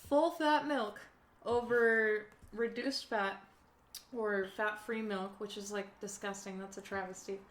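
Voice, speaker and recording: A woman's voice: mid-range voice, fairly even intonation, measured pace. A woman talking frankly and casually as a podcast guest, swearing freely. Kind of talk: casual chat. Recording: roomy with faint background noise.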